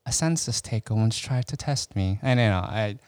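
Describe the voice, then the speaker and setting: A man's voice: fairly low pitch, normal speed, a little mellow, no echo, close to an everyday voice. A man doing a silky, taunting refined killer. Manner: silky, taunting, drops into whispers. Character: cold, refined older male psychiatrist killer.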